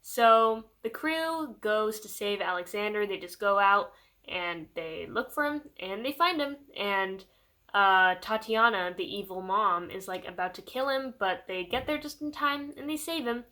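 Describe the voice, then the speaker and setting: Woman, book vlogger, chatty, rambling, bright tone. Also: medium pitch, expressive, measured pace. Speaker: book reviewer. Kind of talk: casual vlog recap.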